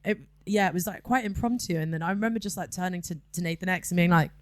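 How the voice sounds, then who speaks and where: A woman's voice: lowish voice, fast, no echo. A woman guest DJ chatting casually on a podcast, filling her talk with ums and repeated yeahs.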